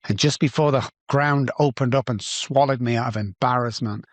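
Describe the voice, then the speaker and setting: With a mid-range voice and a moderate pace, a middle-aged man with a Manchester English accent shares personal stories in a podcast interview, bringing them to life by performing the dialogue. There's no echo.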